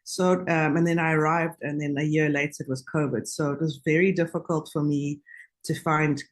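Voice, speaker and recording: A woman telling stories as a radio guest, chatty and quick to laugh, with many fillers. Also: sits low, level tone. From South Africa. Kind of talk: casual radio anecdote.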